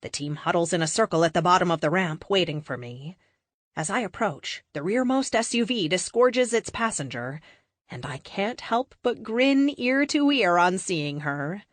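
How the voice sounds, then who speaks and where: A woman reads a first-person audiobook with expressive storytelling and a lively, moving pitch. The sound is close and dry, recorded in a booth. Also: normal speed, dry recording. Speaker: audiobook narrator.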